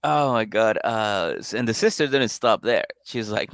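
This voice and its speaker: A man's voice: on the low side, normal speed, dry recording, studio quality. A man co-hosting a podcast, recapping a reality show in casual chat, swearing, laughing and acting out the people he quotes. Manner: animated storyteller who acts out people's quotes, swears, laughs a lot. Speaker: podcast co-host.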